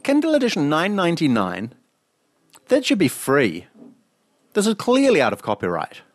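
A man's voice: on the high side, huge pitch swings, moderate pace, no echo. A man co-hosting a podcast, chatting casually and rambling through stories with frequent laughs. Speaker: podcast co-host. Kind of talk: casual chat.

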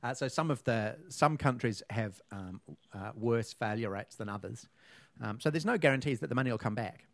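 Brief: New male co-host, rambling casual talker, mid pitch. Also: moderate pace, gravelly, dry recording. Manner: rambling, many fillers and restarts. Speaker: podcast co-host. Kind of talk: casual chat.

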